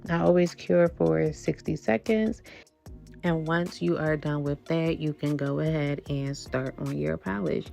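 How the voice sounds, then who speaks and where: A woman's voice: deep voice, creaky, a little mellow. A woman in her thirties chatting casually through a nail tutorial, a little out of breath, talking to viewers as y'all. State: slightly out of breath. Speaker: nail art vlogger.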